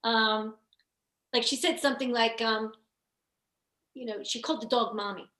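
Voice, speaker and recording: A woman's voice: on the high side, steady tone, moderate pace, fairly bright tone. Rambling woman storyteller in a roomy echo. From Philadelphia area. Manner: rambling, many restarts and "you know"s. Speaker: actor and film guest. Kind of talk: casual interview storytelling.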